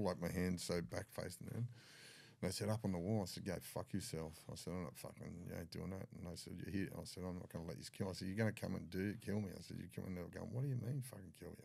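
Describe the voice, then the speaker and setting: Deep, gravelly, and mellow, an older Australian man's voice tells a candid story as a podcast guest, with no echo. He doesn't mince words, swears freely, and plays out others' dialogue.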